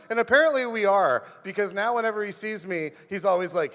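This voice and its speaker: High-voiced rambling stand-up comic. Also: male voice, normal speed, long reverb tail. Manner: rambling, animated storytelling. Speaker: stand-up comedian. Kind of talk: stand-up comedy monologue.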